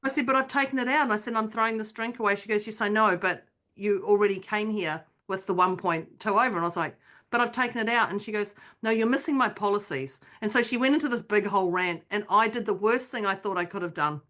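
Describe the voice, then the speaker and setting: A woman chatting on a podcast, her voice set in the middle of the usual range. She recounts a story with animated flair, slipping into the voices of the people in it. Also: mid-range voice, fast talker. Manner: animated storyteller, acts out her own quotes. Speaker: podcast co-host. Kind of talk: casual chat, storytelling.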